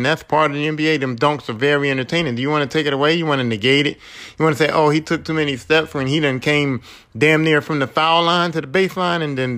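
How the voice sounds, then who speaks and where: A man's voice: high voice, a bit bright. A man hosting a solo podcast, ranting in a casual way, firing off rhetorical questions and swearing freely. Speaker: podcast host. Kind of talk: solo opinion podcast monologue.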